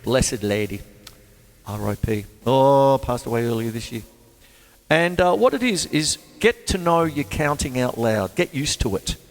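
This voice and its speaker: Animated man counting beats aloud. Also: mid-range voice, unhurried. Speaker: drum show host. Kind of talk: casual teaching chat with counting aloud. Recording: long reverb with drum music behind.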